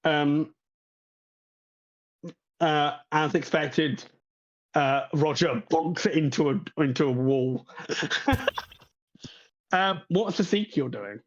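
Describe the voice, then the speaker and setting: A man's voice: on the high side, slow pace, pauses often, highs cut off. A man narrating a tabletop game as game master, rambling with many fillers and laughs.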